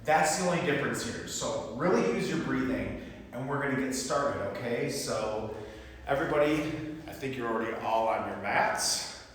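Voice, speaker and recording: A man's voice: mid-range voice, animated, normal speed, a bit bright, slight background noise. A man teaching a live yoga class, calling out poses in time with the breath. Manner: cueing poses in rhythm with the breath. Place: yoga studio. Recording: echoey studio with long reverb, mic far off.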